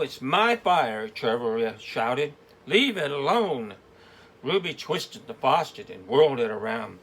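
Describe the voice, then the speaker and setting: A man reading a storybook aloud, voicing a loud, stubborn little boy who yells indignantly. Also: mid-range voice. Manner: yelling, indignant.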